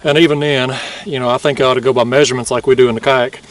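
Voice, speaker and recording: A man vlogging from a kayak, talking in a casual, excited, folksy way and laughing often. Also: mid-range voice, very fast, far from the mic, a little hiss or hum. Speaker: fishing vlogger. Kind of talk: casual outdoor vlog narration. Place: kayak on a river at night.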